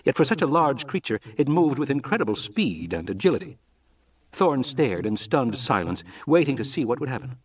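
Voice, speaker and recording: A man's voice: mid-range voice, big pitch swings, normal speed, breathy edge, far from the mic. A man narrating a novel as an audiobook reader, telling the story expressively. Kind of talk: scripted narration.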